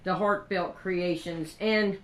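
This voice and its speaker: A woman's voice: lowish voice, fairly even intonation, slow, a little hiss or hum. Folksy Kentucky woman chatting, echoey room. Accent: Kentucky Southern. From Kentucky, USA. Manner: chatty, folksy, lots of "y'all" and "you know". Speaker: craft vlogger. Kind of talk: casual haul chat.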